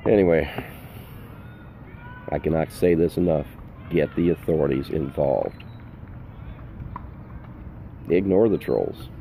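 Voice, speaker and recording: With an extremely low pitch and heavy vocal fry, the older RV vlogger talks slowly and warmly, leaving long pauses. He's outside in the sun delivering earnest safety advice in a casual vlog, repeating points for emphasis, with a faint hiss or hum behind him.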